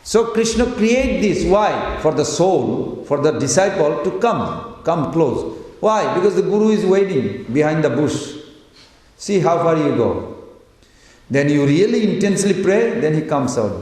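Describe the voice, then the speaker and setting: A man's voice: on the high side, very animated, measured pace, darkish tone. A man giving a devotional lecture, telling stories and voicing the people in them. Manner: storytelling, quotes figures in their voices; chants Sanskrit verses. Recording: echoey hall.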